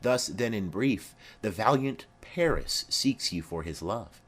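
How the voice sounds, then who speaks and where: A man reading the part of a formal, commanding noblewoman speaking to her daughter in measured declamation. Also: fairly low pitch, expressive. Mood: stately.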